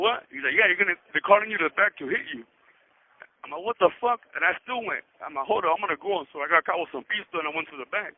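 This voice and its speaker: A man rattles off a rambling prison story in crude street slang, his voice pitched a little high. He talks quickly and loops back over the same points. The sound is thin and tinny, like a prison phone line. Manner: profane street slang, fast and repetitive. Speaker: prison inmate on a phone call.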